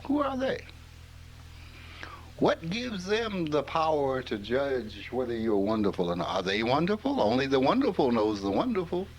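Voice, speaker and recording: A man's voice: mid-range voice, very animated, normal speed, few pauses, a little hiss or hum, low-quality recording. An older man from rural Mississippi gives an informal spiritual talk, telling stories in a folksy way and chuckling often. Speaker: spiritual teacher.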